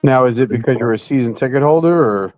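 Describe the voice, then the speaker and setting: A man's voice: mid-range voice, quick pace, a little mellow. A man making brief, easygoing replies in a casual live-stream chat. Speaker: guest, season ticket holder.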